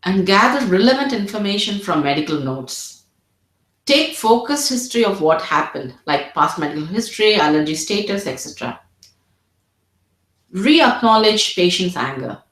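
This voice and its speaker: A woman's voice: mid-range voice, big pitch swings, normal speed, fairly bright tone. A woman tutoring doctors in an earnest teaching presentation, often repeating her words as she models empathetic phrases. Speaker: medical exam tutor. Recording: roomy echo.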